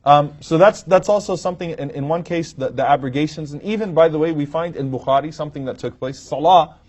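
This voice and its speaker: The recording is dull, muffled, and lo-fi, capturing a man lecturing on Islam from a podium to a live audience. His voice is fairly high and a little mellow, his pace quick, as he tells stories and humorously acts out quoted lines.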